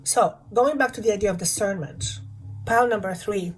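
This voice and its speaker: A woman's voice: mid-range voice, moderate pace, poor audio. Woman, spiritual healer voice, talks over faint music, repeats questions for emphasis. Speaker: channeler and energy healer. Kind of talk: spiritual guidance talk.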